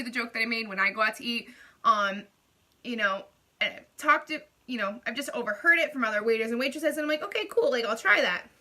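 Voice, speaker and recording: A young woman venting in a casual vlog, chatty and animated, peppering her talk with "like" and acting out quoted lines. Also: a little high. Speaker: beauty vlogger.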